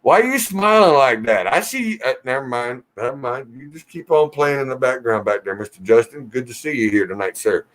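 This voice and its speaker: Joking truck-talk livestream host. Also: male voice, mid-range voice, animated, fairly quick, hardly any pauses, fairly bright tone. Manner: joking, teasing, reads comments aloud. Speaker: livestream host reading viewer comments. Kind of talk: casual live Q&A chat.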